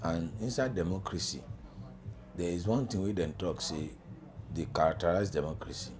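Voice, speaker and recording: Middle-aged nigerian guy on a talk show, low voice, gets loud and emphatic. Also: moderate pace, noisy background. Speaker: guest, journalism lecturer. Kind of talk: studio talk show in pidgin.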